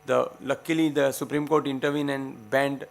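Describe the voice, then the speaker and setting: A man's voice: mid-range voice, little pitch movement, moderate pace, creaky. A man giving an earnest, passionate science lecture to students. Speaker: guest lecturer. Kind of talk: public science talk to students.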